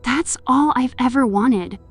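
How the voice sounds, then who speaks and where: A woman narrates a horror story in a somewhat high voice, giving the heroine's pleading lines real emotion. Quiet music runs under her reading. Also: a little slow, slightly rough. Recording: music in the background.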